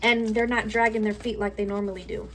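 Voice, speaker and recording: A woman's voice: mid-range voice, little pitch movement, a little fast, slight background noise. A woman giving a spiritual love reading at home, channeling aloud in a rambling way, often repeating herself and searching for words. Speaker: tarot card reader.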